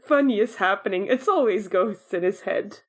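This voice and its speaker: A woman's voice: medium pitch, normal speed. A woman co-hosting a casual podcast chat, playful and laughing as she quotes characters. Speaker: podcast co-host.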